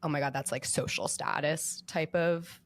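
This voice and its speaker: A woman's voice: low voice, fairly even intonation, normal speed, slight background noise. A young woman talking as a podcast guest in a casual, chatty way, with lots of filler words. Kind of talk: casual chat.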